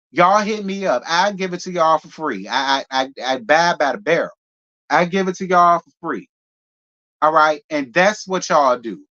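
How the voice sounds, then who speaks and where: A sassy livestream host talks casually to viewers in a mid-pitched voice, teasing and thanking donors by name. The sound is slightly dull and lo-fi, like a home stream. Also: fairly bright tone.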